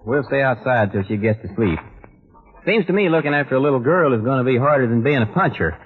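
An actor playing a calm, fatherly cowboy leader with a husky voice, firm and steady, in 1940s radio acting. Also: mid-range voice, fast, music in the background, natural voice. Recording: tinny old radio broadcast.

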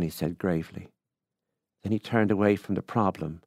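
An Irish man reading a literary short story aloud in a measured, unhurried way. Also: sits low, sing-song, darkish tone, dry recording, studio quality. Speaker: reader.

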